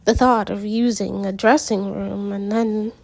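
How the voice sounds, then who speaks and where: A woman reading a novel aloud as narrator, unhurried, with small slips and asides. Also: medium pitch, little pitch movement, vocal fry, a little mellow.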